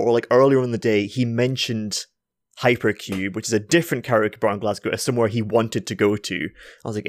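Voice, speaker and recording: A man's voice: mid-range voice, no room sound, clean studio sound. A man hosting a casual podcast, telling long rambling anecdotes full of swearing and restarts, into a podcast microphone. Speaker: podcast host. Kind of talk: casual chat and storytelling.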